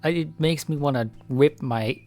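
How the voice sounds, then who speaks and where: Gravelly American man rambling while gaming. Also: medium pitch, lively intonation, normal speed, faint music behind. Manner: rambling, opinionated. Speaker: streamer. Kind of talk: casual gameplay chat.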